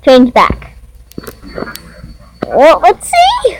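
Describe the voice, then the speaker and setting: Slow, high-voiced excited young woman. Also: noisy background. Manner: excitable, giggly, slow and drawn-out. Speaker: game player. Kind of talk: casual gameplay commentary.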